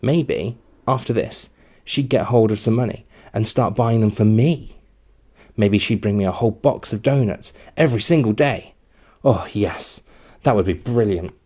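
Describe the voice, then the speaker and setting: A man, a teacher reading a children's book aloud in a lively way. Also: fairly low pitch, normal speed. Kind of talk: storybook narration.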